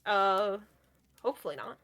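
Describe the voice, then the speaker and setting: A woman's voice: mid-range voice, lively intonation, normal speed, fairly bright tone. A woman chatting casually while streaming a game, often restarting her sentences and laughing easily. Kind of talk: casual gaming stream chat.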